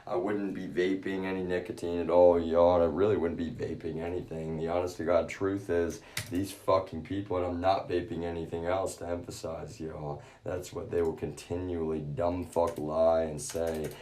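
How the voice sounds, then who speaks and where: A man's voice: deep voice, flat delivery, moderate pace, few pauses, mellow, far from the mic. A man ranting on a live stream, agitated and profane, speaking straight to his viewers. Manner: agitated, profane, keeps addressing viewers as y'all.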